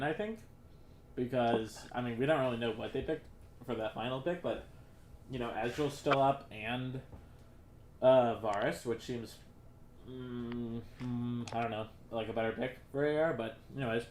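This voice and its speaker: A man casting a video game match in a casual, relaxed way, with frequent fillers. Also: mid-range voice, roomy sound, a little hiss or hum. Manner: relaxed, hesitant with many fillers. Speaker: esports caster. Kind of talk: casual esports commentary.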